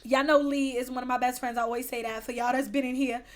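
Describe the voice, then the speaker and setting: Brash, teasing woman with a high voice. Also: fairly even intonation, fast talker. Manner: brash, profane, teasing, laughs often. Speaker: livestream host. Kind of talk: casual live chat reading comments.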